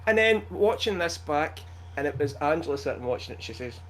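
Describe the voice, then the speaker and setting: A man's voice: a little high, lively intonation, brisk, fairly bright tone. A man with a Scottish accent chatting eagerly on a podcast, often restarting his sentences. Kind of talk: casual podcast chat.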